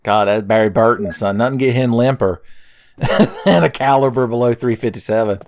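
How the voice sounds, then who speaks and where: A young man talks through a game he is playing in a loose, joking commentary. He teases the characters and keeps calling the listener "son". His voice sits at an everyday middle pitch. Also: fairly quick, darkish tone. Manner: jokey, playful, keeps calling the viewer "son". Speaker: let's play commentator. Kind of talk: casual gameplay commentary.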